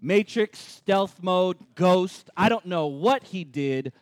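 A man's voice: high-pitched, slow, no room sound. A man preaching a sermon, joking and acting out the crowd's reactions. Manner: animated, joking asides, acts out crowd reactions. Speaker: pastor.

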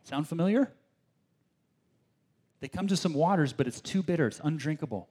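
A man delivers a sermon in a fairly high voice. He talks in a lively, conversational way, stumbling over restarts as he works through his point. He sometimes slips into mock complaining tones. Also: normal speed, slightly rough. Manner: animated, acts out complaining voices, frequent restarts. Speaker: pastor.

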